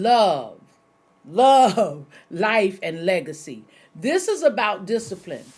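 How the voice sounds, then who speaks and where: A middle-aged woman pastor delivers a conversational sermon in a folksy, direct way. She keeps coming back to her key phrases and talks to her listeners as if they sat beside her, her voice sitting at an ordinary middle pitch.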